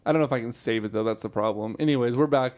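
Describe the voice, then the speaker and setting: A man hosting a casual sports podcast, swearing and muttering to himself while running the recording software. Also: mid-range voice, racing. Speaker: podcast host.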